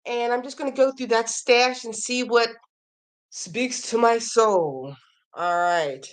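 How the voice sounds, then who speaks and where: A woman's voice: a little high, slow pace. Chatty, gushing woman podcast host. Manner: chatty and enthusiastic, gushing over viewers' work. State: slightly losing her voice. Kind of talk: casual chat reading viewer emails.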